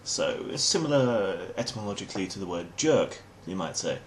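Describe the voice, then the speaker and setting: A low-voiced English man delivering a comic explainer in a dry, mock-formal way. His pitch leaps around with lively swings. There is a faint hum behind him. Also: normal speed. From England. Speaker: host.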